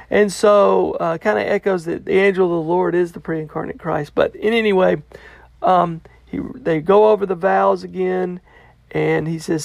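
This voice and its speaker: This Bible study teacher has a gravelly mid-range voice, a steady tone and a normal speed, recorded dry. Loose and conversational, he paraphrases a commentator while going over a passage and checks in with "okay?".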